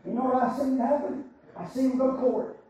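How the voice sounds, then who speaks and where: A man preaching a sermon, swinging between shouted cries and hushed, low passages. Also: brisk. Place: church sanctuary. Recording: echoey church sound from far off, dull.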